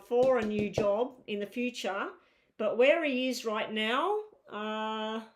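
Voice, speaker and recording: A woman giving a live tarot reading, chatty and reassuring, thinking aloud as she turns the cards. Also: fairly high pitch. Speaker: tarot reader.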